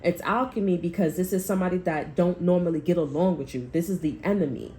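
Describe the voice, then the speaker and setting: With a little hiss or hum behind her, a woman reads tarot casually in a fairly low, dark voice at a fast clip. She's blunt and rambling, curses heavily, and repeats herself a lot.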